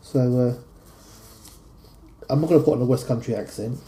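A man with a London accent hosts a podcast from a studio, talking casually with plenty of easy fillers. His voice is very dark and mellow. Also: mid-range voice, unhurried. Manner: relaxed, chatty, with fillers. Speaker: podcast host. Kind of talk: casual podcast chat and poem reading.

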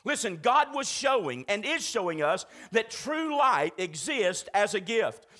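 High, bright-voiced preacher man. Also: big pitch swings, unhurried. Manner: emphatic preaching, urgent and repetitive, calls out to congregation. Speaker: pastor. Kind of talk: sermon. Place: church.

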